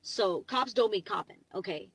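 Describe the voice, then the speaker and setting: A young woman tells a story to her phone camera from the driver's seat, rambling with endless fillers and growing more excitable as she goes. Her voice sits at an ordinary middle pitch. The sound is dry and close, with no room echo. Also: moderate pace, breathy edge. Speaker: vlogger. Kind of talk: casual storytime vlog.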